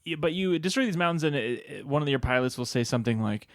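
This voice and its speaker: A man's voice: on the high side, animated, quick pace, no room sound, clean studio sound. A man co-hosting a casual video game podcast, rambling and teasing his co-host. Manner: teasing, rambling, many fillers.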